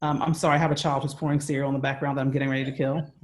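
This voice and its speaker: A man's voice: medium pitch, little pitch movement, very fast. A man with an American accent, a guest speaking earnestly and conversationally in a remote interview from home, often checking in with "right?". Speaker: guest speaker on workplace bias. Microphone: video call.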